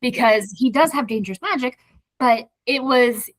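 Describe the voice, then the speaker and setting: A woman's voice: on the high side, moderate pace, no echo. A woman co-hosting a casual book club podcast, animatedly retelling the plot and acting out the characters' lines. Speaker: podcast co-host.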